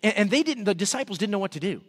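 A man preaching a sermon as pastor, energetic and repeating words when excited. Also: sits high, very fast, slightly rough, in a large hall. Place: church service.

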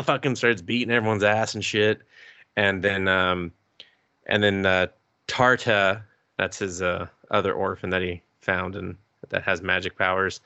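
A man's voice: sits low, steady tone, measured pace, sharp tone, smooth, no room sound. A man co-hosting a podcast, recapping anime episodes in a loose, rambling way with lots of fillers and casual swearing. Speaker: podcast co-host.

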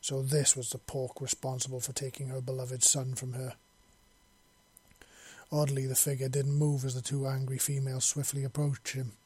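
A man narrating a science fiction story in a steady, even reading style. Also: mid-range voice, moderate pace, breathy edge, no echo. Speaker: audiobook reader.

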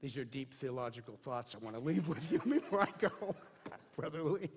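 A man's voice: a little high, lively intonation, brisk. A man preaching a sermon in a conversational way, with many fillers and restarts. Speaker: pastor.

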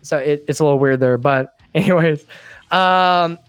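Male live-stream host with a high, dry voice into a desk mic, chatty and rambling. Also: normal speed, clear, resonant tone, dry recording, faint music behind. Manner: rambling and chatty, with laughs and restarts. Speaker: host and admin of a trucking group. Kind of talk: casual live stream chat, reading viewer comments. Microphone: desktop microphone.

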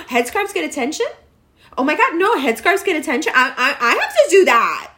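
A woman's voice: sits high, very animated, brisk, pushed and bright, pitched above the performer's own voice, heavily acted. A woman voicing a whiny, self-absorbed young woman who craves attention, gasping and squealing in mock drama. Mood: mock whining.

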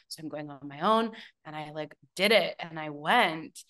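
Woman guest, low-ish voice, casual storyteller, chatty with fillers and laughs. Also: normal speed, a bit bright. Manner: chatty, many fillers and restarts, bursts of laughter. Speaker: guest, business and mindset mentor.

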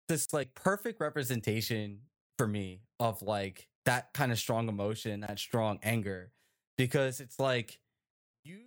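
Chatty male podcast host, full of "right?". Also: mid-range voice. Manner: animated, chatty, with many fillers and tag questions. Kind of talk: casual chat.

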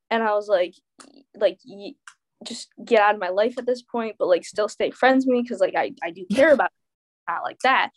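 A teenage girl telling a dramatic personal story in casual chat, full of fillers and quoted dialogue. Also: on the high side. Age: teens. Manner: animated storytelling, many fillers. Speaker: teen guest.

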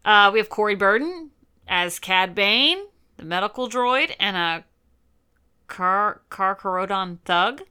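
A woman's voice: mid-range voice, animated, unhurried, bright, forceful tone, clear, resonant tone. A woman co-hosting a casual podcast, chatting and reading off a cast list. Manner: chatty, reads cast lists, bursts into silly voices. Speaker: podcast co-host. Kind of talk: casual chat.

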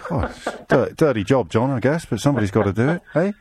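A man's voice: mid-range voice, animated, a little fast, darkish tone, breathy edge. A man hosting a radio phone-in, teasing his callers and laughing often. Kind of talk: casual phone-in banter. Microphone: studio microphone.

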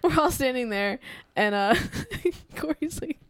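A woman's voice: high-pitched, animated, measured pace, dry recording. Laughy woman telling a story on a podcast, voice goes up and down a lot. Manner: giggly storyteller, laughs through her stories. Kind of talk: casual chat.

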